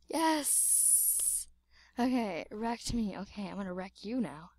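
A woman's voice: medium pitch, expressive, takes it slowly, darkish tone, no room sound, studio quality. A woman giving playful, dramatic gameplay commentary, exclaiming and repeating words. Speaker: gamer.

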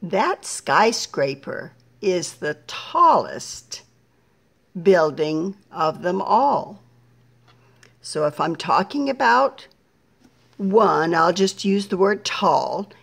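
A middle-aged woman teaching a patient, slow phonics lesson to young children, splitting each word into syllables. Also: on the low side, big pitch swings, vocal fry, slightly rough.

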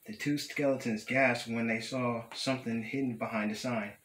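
A young male student reading a children's picture book aloud at a steady, careful pace. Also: medium pitch, moderate pace, echoey room, a little hiss or hum, low-quality recording. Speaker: student storyteller.

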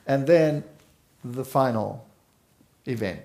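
A middle-aged man speaks slowly and earnestly as he tells a personal story. His voice is gravelly, with audible fry, and he takes his time over each phrase. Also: medium pitch, mellow. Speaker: speaker telling life story. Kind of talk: personal testimony in conversation.

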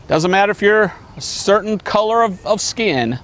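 A man, a missionary evangelist, preaching a sermon in an emphatic way, with high exclamations and low drops. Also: animated, moderate pace, a bit bright.

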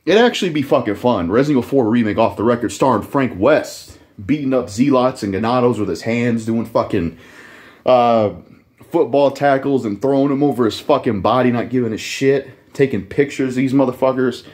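A man's voice: mid-range voice, fairly quick, a little mellow. A man talking off the cuff in a loose, rambling way, full of fillers and swearing. He jumps between half-finished thoughts and laughs at himself. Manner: rambling, profane, self-deprecating, with many fillers. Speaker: gaming youtuber. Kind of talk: casual rambling monologue.

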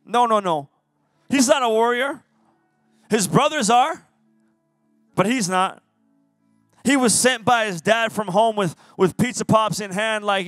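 High-voiced, lively young-sounding preacher man. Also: a little slow, long pauses, no echo, studio quality, soft background music. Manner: energetic, casual and jokey. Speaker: youth pastor. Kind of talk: youth sermon. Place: youth service hall.

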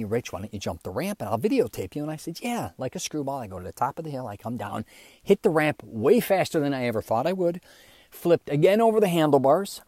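Man telling a story, dry close mic. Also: no room sound. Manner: animated, acts out quoted dialogue with pitch jumps. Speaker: podcast host. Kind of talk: casual storytelling monologue.

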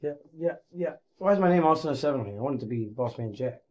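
A man live-streaming his gambling, swinging between low muttered gloom and loud shouted hype, swearing constantly. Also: lively intonation, fast talker, hardly any pauses.

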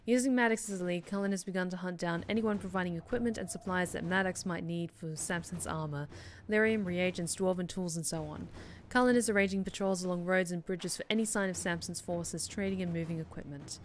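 A woman's voice: on the low side, a little fast, slight background noise. A woman streaming a game, chatting casually and reading in-game notes aloud. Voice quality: chatty, frequent fillers. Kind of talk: casual let's-play chat.

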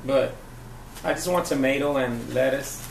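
A man's voice: medium pitch, a little slow, creaky. A man vlogging, chatting casually over a meal and rambling as he repeats himself. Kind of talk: casual mukbang chat. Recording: distant echoey noisy recording.

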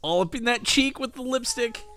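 A man's voice: extremely high pitch, moderate pace, pushed and bright. A man doing let's play commentary, joking and putting on mock-pompous asides. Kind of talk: gameplay commentary.

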